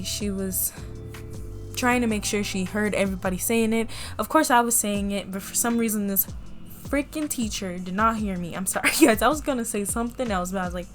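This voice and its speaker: A young woman vlogger casually tells the camera a personal story, animated and often laughing as she acts out what people said. Her voice is medium-pitched.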